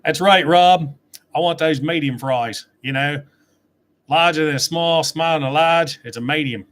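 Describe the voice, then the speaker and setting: A man's voice: fairly high pitch, unhurried, fairly bright tone. A middle-aged man chatting casually on a livestream, reading out and answering viewer questions from his desk webcam. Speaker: toy reviewer answering live chat.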